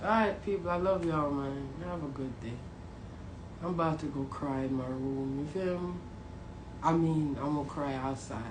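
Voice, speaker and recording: A woman with a Jamaican accent ranting casually and profanely to her viewers, half joking, turning from mumbled apologies to loud outbursts. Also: deep voice, moderate pace. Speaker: vlogger. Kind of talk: casual comedic rant to viewers. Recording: roomy echo, faint background noise.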